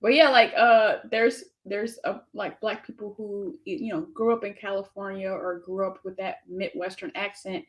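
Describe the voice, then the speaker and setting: A woman's voice: medium pitch, fairly even intonation, normal speed, hardly any pauses. A woman hosting an interview, chatting casually and filling her sentences with "like.". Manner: conversational, lots of "like" and laughter. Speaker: interviewer host.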